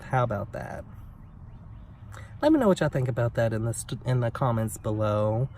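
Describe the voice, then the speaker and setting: A young man telling a story on his vlog in a blunt, sassy, profane way, with big swings in pitch. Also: expressive, moderate pace, gravelly, darkish tone. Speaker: vlogger. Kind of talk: casual storytime rant. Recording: somewhat distant mic with faint background noise.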